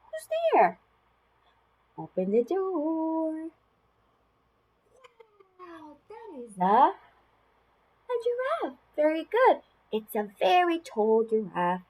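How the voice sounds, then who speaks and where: A woman showing how to read a picture book aloud to a toddler, in an expressive sing-song way with gasps, then giving tips to parents. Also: sits high, rough recording.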